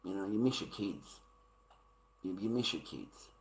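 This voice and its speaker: An Australian man talking straight to his viewers in a rambling, profane monologue, repeating himself and swinging between loud rants and low mutters. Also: lively intonation, a little slow.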